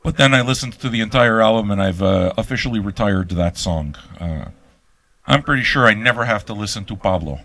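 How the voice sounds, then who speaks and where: An older man hosts an album reaction channel, ranting live to an audience in a brash, profane, teasing way. His fairly low voice is fairly quick, pushed, and bright, and the recording is dry.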